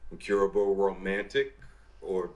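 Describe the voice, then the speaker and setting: A man's voice: low voice, little pitch movement. An actor playing an awkward, hesitant young man recording answers for a dating profile in a video game. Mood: wistful. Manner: hesitant, halting.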